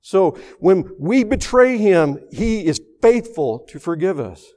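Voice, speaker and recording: Male preacher, slightly higher voice, sermon storyteller shifting from emphatic to hushed. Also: very animated, slow. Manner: storytelling, swings from raised emphatic to hushed soft delivery.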